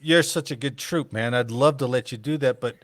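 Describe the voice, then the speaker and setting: A man's voice: mid-range voice, a little fast, no room sound, studio quality, lightly acted. A man playing a blunt military commander who crudely and jokingly turns down a soldier's request. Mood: mock apologetic. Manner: crude, joking, apologetic brush-off. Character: blunt male military commander turning down a troop.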